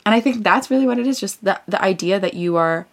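A woman's voice: medium pitch, fast. A young woman co-hosting a podcast, talking earnestly and reflectively in casual chat. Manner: earnest, reflective, emphatic about ideas. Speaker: podcast co-host.

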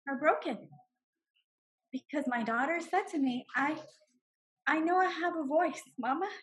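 A woman in her forties telling her personal story with animated emotion, laughing often. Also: high-pitched, measured pace, a little hiss or hum. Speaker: guest sharing her story. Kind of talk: personal testimony.

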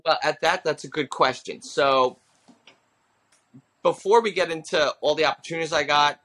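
Slightly high-voiced and talking at a normal speed, a man in his thirties guests on a relaxed podcast. He's a comedian and impressionist, telling lively stories and playing each person he quotes.

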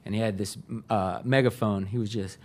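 A man's voice: on the low side, steady tone, moderate pace, a little mellow. A middle-aged man, a pastor giving a sermon in an earnest, conversational way. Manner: conversational, earnest, uses fillers.

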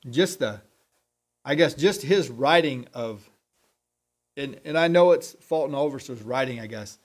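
Man, lay preacher, mid-pitch voice; unscripted, halting sermon delivery, frequent throat clearing.

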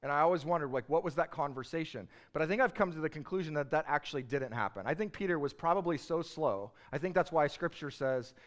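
Male pastor, slightly high voice, chatty animated sermon delivery. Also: fast, hardly any pauses. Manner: conversational, animated storytelling preacher.

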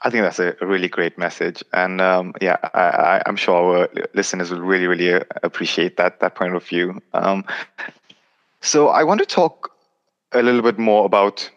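A man hosting a podcast in casual chat, talking haltingly with many restarts. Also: low-pitched, fairly even intonation, a bit bright. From United Kingdom. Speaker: podcast host. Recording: dull lo-fi recording.

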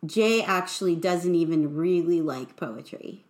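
Woman podcast host, lowish voice, giggly and self-deprecating, casual chat in an echoey room. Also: lively intonation, measured pace, darkish tone.

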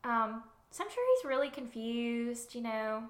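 A woman's voice: fairly high pitch, fairly even intonation, a little slow. A young woman co-hosting a podcast in casual book-discussion chat, chatty and laughing often, with fillers. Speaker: podcast co-host.

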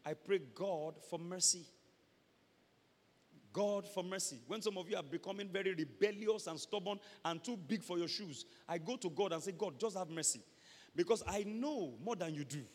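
A man with a Nigerian accent preaching a sermon, acting out scenes and breaking into loud shouts. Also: high voice, animated, fairly quick. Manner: dramatic, acts out scenes, switches to loud shouts. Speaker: pastor. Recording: echoey hall with long reverb.

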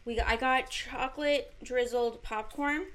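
A woman co-hosting a podcast in casual chat, trading deadpan quips and playful teasing. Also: sits high, measured pace. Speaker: podcast co-host.

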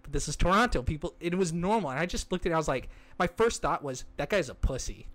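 Podcast co-host, male, higher-pitched, animated casual storyteller. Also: fast talker. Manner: animated storyteller, lots of likes and restarts. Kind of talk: casual movie discussion.

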